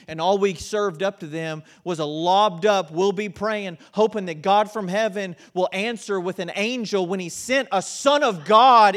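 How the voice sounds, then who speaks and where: A middle-aged man preaching a sermon as pastor, swinging between loud, emphatic lines and quiet, intense stretches. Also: high voice.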